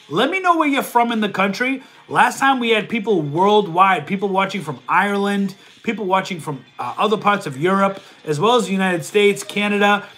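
A man's voice: high-pitched, fairly bright tone. A man hosting a casual livestream, reading viewer questions aloud and answering them, with a stuffy nose. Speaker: livestream host and reseller.

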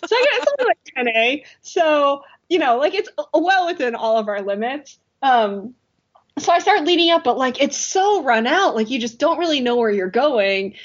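A woman telling a climbing story in casual chat, animated and laughing often. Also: high-pitched, moderate pace. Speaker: podcast guest or co-host, rock climber. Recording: dull, lo-fi podcast audio.

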